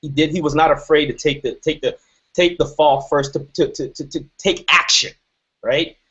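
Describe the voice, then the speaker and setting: A man's voice: on the high side, steady tone, moderate pace, fairly bright tone, slightly rough. A man in his thirties giving an emphatic motivational talk, often asking "right?". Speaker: motivational speaker. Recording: dull lo-fi recording.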